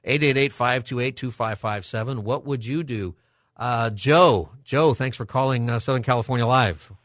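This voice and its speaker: A man hosting a call-in radio show, thinking aloud and halting with ums and restarts. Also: mid-range voice, a bit bright, no room sound, clean studio sound.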